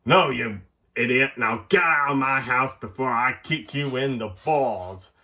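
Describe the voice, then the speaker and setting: A man's voice: medium pitch, unhurried, sharp tone, slight background noise. A man with an English accent voicing a bossy, rude medieval innkeeper woman who scolds sharply. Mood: scolding.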